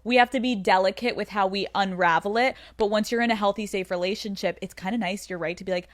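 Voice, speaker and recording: A woman's voice: mid-range voice, fast. A woman hosts a podcast from a studio, speaking bluntly and casually and swearing without hesitation. Her voice sits close to the mic with a dry sound and no room echo. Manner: blunt, swears freely, conversational. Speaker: podcast host. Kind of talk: casual podcast chat and read-out ad.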